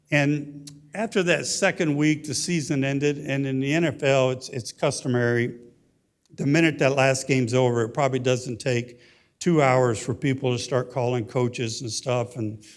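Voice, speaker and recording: A man's voice: mid-range voice, moderate pace. A man in his sixties with a Texan accent, telling a personal story as a guest speaker at a luncheon, in a folksy way with frequent "okay?" and "you know?". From Texas. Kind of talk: storytelling speech. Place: luncheon hall.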